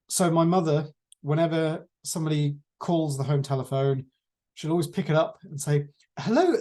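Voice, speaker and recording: A man teaching a class on presentation skills, lecturing in a measured way with deliberate pauses. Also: fairly high pitch, vocal fry, warm tone.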